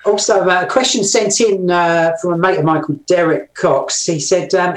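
A man's voice: high voice, fairly even intonation, moderate pace, few pauses, roomy sound. A man hosting a casual interview and reading out listener questions. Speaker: host.

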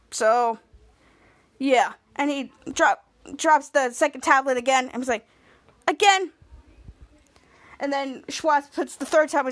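A woman hosting a podcast, casually retelling a TV episode in a lively way and acting out the characters' lines as she goes. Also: high-pitched, dry recording. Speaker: podcast host.

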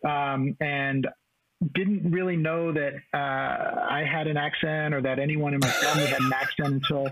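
A man's voice: a little high, fairly even intonation, moderate pace, a loud crowd. A man from the US-Mexico border in Texas, co-hosting a casual chat and speaking with many restarts and fillers. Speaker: co-host. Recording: tinny phone-like line.

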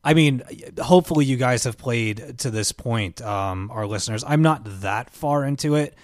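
Male podcast co-host, mid pitch, dry close sound, loose rambling delivery full of fillers. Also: normal speed, dry recording. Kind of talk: casual chat about video games.

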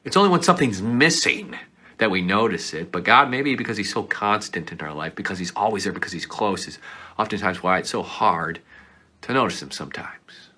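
A male pastor preaching a sermon earnestly, swinging between loud pleading passages and hushed whispers. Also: lowish voice, animated, brisk, husky.

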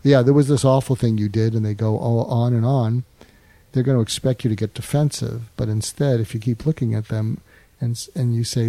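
An older man speaks as an interview guest, earnest and patient, circling back over his words with frequent "uh"s. His voice is dark and mellow with a gravelly edge. The sound is dry and close, with no room around it. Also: medium pitch, steady tone, no echo. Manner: earnest, fills pauses with "uh", restarts and repeats words. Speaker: guest psychiatrist and author. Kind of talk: interview, explaining advice.

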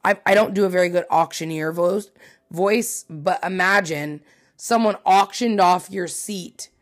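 A woman hosting a casual solo podcast, chatty and animated, swearing freely and poking fun at herself. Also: on the low side, a little slow. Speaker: podcast host.

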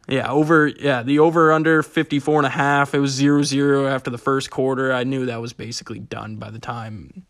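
A man's voice: medium pitch, no echo, studio quality. A young man hosting a casual solo sports betting podcast, ranting profanely and mocking himself. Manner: profane, self-mocking, animated rants. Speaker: podcast host.

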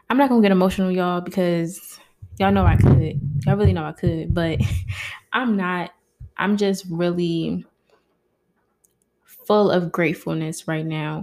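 Grateful woman hosting her podcast. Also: lowish voice. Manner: warm, heartfelt, addresses listeners as y'all. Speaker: podcast host. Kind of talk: casual solo podcast talk. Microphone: podcast mic.

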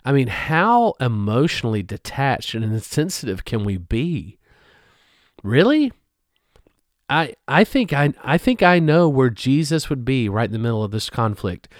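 Earnest, halting man, dry sound. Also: medium pitch, lively intonation, no room sound. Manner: earnest, halting, with many restarts. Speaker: podcast host. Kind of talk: reflective spoken message.

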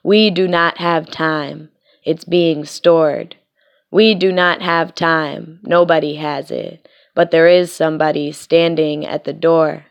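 A woman poet performing spoken-word poetry with a measured, rhythmic, deliberate delivery. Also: low voice, steady tone, gravelly, muffled recording.

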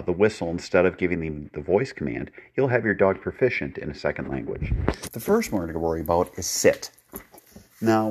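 A man's voice: low-pitched, a little mellow. A man hosting a podcast, giving practical, folksy dog-training tips. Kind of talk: training tip segment.

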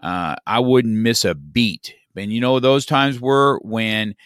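A man's voice: medium pitch, takes it slowly, fairly bright tone, dry recording, studio quality. A middle-aged man, a podcast guest, telling a story in casual chat, rambling with many restarts and "you know, man.".

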